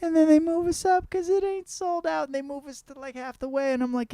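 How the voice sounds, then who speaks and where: A man's voice: very high-pitched, animated, fairly quick, dark tone, no echo. A young man hosting a show, telling a rambling, profane story in a casual comedic monologue. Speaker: host.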